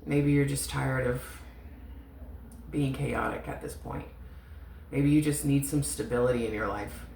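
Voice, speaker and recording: A woman's voice: a bass voice, fairly even intonation, a little slow, gravelly, darkish tone. A woman giving a casual tarot reading, chatty and emotional, swearing and laughing often. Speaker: tarot reader. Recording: echoey room with faint noise.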